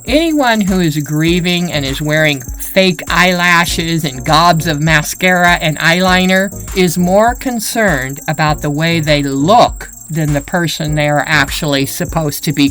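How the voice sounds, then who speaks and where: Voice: medium pitch, a bit bright, poor audio. A channel host narrating voice-over commentary in an earnest, explanatory manner.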